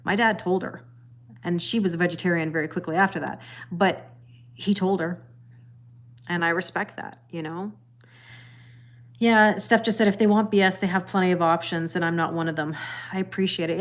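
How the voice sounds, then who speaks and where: A woman's voice: lowish voice, brisk. A middle-aged woman hosting a casual livestream, chatting to viewers and reading their comments aloud, laughing often and repeating her phrases. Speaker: tarot reader livestream host.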